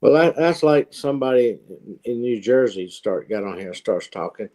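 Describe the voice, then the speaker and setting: A man's voice: medium pitch, animated, moderate pace, warm tone. A man from Virginia with a Virginia accent, chatting casually in an easygoing way and chuckling now and then. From Virginia, United States. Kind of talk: casual chat.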